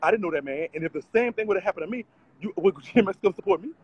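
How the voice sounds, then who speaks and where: A man's voice: high voice, rapid-fire, breathy edge, dull audio. A man, vlogging on city streets in a brash, profane, laughing rant. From Louisiana. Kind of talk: casual street vlog rant.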